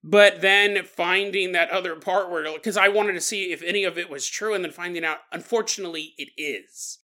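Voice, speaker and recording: On a comedic paranormal podcast, a male host with a high, sharp voice spins a rambling, jokey tale at normal speed. He puts on mock voices along the way.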